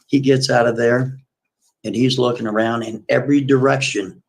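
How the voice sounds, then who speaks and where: A man hosting a livestream, retelling a story in a casual, folksy way with repetitive, animated asides. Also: mid-range voice, moderate pace, gravelly, low-quality recording.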